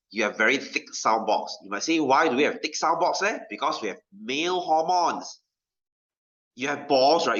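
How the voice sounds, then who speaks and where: A male teacher talks a class through a lesson, his voice bright and forward. He is chatty, tosses in "lah" and "ma", and keeps checking in with "okay?" The recording sounds dull and lo-fi. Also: mid-range voice. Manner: drops in local particles like "lah" and "ma". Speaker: science teacher. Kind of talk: classroom lecture.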